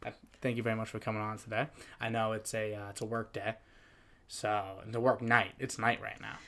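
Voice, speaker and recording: A man's voice: fairly low pitch, flat delivery, fairly quick, pushed and bright. This is a young man hosting a podcast in loose, casual chat. He sounds upbeat and jokey, and he teases his guest in a playful way. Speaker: podcast host.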